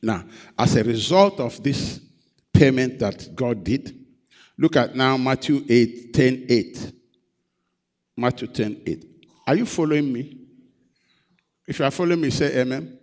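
A man's voice: medium pitch, unhurried, pauses often, a little mellow. A male pastor preaching a sermon. He repeats phrases and prompts the congregation to call out answers. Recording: long hall reverb.

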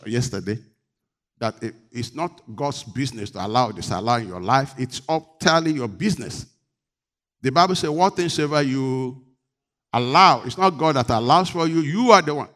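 A man's voice: fairly high pitch, fairly bright tone. A man preaching a sermon, leading the congregation in call-and-response and rising to emphatic declarations. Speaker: pastor.

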